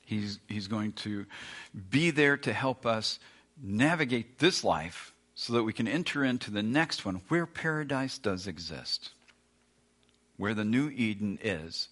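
A man's voice: lowish voice, a bit bright. A man preaching a sermon with emphatic, repeated lines. He acts out the complaints of doubting listeners along the way. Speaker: pastor.

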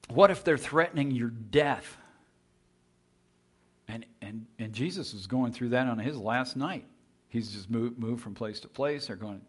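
A man preaching a sermon, telling a story with vivid quoted voices, swinging between loud emphasis and hushed near-whispers. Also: medium pitch, breathy edge. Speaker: pastor.

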